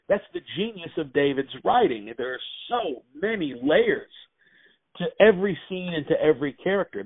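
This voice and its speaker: Male interview guest, lively storyteller, dry tinny phone sound. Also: on the high side, no room sound. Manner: animated anecdotes, acts out quotes. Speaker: actor and writer, guest.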